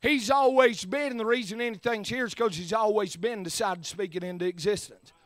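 A man preaching a sermon in church, sliding from low, easy talk up to shouted, drawn-out lines. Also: no echo.

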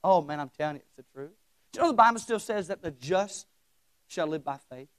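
A young man preaching a sermon, swinging between shouting and hushed folksy talk. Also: fairly high pitch, lively intonation, a little fast, dry recording, studio quality. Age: young adult.

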